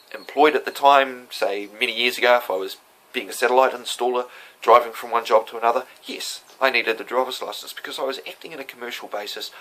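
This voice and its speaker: Man in a casual monologue, emphatic and defiant, with a raspy, tense edge. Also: mid-range voice, bright, forceful tone, rough recording. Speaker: self-represented defendant recounting a court hearing.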